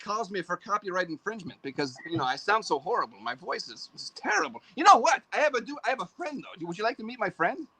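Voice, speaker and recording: A man's voice: sits high, sing-song, fast, few pauses, pushed and bright, low-quality recording. An older man, a show host, chatting as a podcast guest in a rambling, self-deprecating way. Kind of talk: casual podcast chat.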